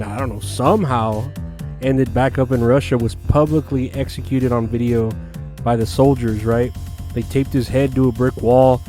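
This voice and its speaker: Man rambling through a crude comedy monologue. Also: medium pitch. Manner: rambling, crude, offhand jokes. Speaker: podcast host. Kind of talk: solo comedic podcast monologue.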